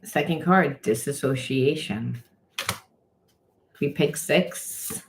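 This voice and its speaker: A woman's voice: very deep voice, takes it slowly, a little hiss or hum, poor audio. A middle-aged woman talks her way through a tarot reading in a loose, casual flow. She is blunt and frank, piles up fillers and restarts, and swears now and then as she explains. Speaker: tarot reader and trauma coach.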